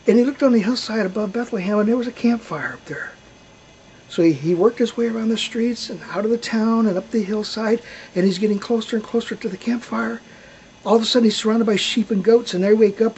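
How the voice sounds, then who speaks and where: A man's voice: high voice, fast talker, darkish tone, slight background noise, rough recording. A man telling a heartfelt story to his children, dramatic, often dropping to a whisper and swelling at tense moments.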